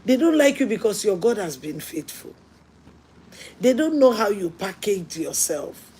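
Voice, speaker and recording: A woman pastor preaching a sermon, telling stories earnestly and swinging between hushed lines and emphatic ones. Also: mid-range voice, sing-song, a little slow, slight background noise.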